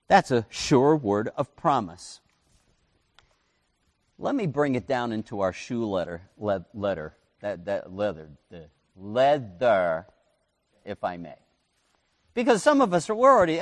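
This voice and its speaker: A man preaching a sermon as pastor, with animated delivery, swinging his pitch and volume and acting out quotes. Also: measured pace, big-room sound.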